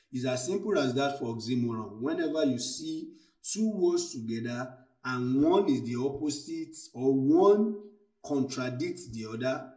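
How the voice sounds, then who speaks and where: A man teaching a literature lesson, who speaks slowly and repeats key phrases and examples. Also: mid-range voice, a little mellow, distant mic. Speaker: literature tutor. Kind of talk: recorded lesson. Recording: echoey room, voice from afar.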